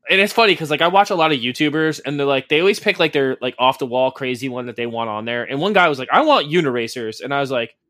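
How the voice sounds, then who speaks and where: A man's voice: mid-range voice, quick pace, few pauses, bright, forceful tone, dry recording, clean studio sound. A man co-hosting a casual podcast, rambling along with plenty of swearing and sarcasm. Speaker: podcast co-host.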